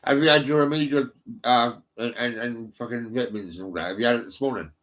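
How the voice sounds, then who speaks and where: A man's voice: medium pitch, fast, fairly bright tone. Middle aged guy on his settee, rambles on, swears loads, lots of ums. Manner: rambling, heavy swearing, many ums and restarts. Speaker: vlogger. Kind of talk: casual rambling chat. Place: indoors at home, on a settee. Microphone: phone.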